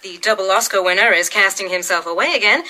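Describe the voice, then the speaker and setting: An actress playing an upbeat TV entertainment newsreader, reading a chirpy news report. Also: female voice, medium pitch, fast, pushed and bright, close to an everyday voice, rough recording.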